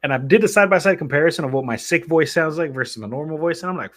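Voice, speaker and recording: A man's voice: on the high side, rapid-fire, fairly bright tone. A man hosting a live stream, talking casually and rambling from one thing to the next as he sets up his show. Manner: rambling, chatty, self-interrupting. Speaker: streamer and podcast host.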